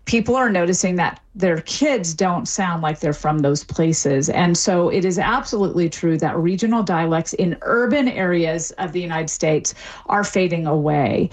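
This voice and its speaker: A woman's voice: on the low side, lively intonation, normal speed. Articulate middle-aged woman explaining. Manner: fluent, explanatory, with small restarts. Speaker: linguistics professor, guest. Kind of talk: expert radio interview.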